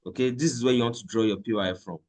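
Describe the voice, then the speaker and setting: A man's voice: medium pitch, racing, a little mellow. A man teaching a live trading lesson in a conversational way, repeating points and checking in with "okay?". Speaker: trading instructor.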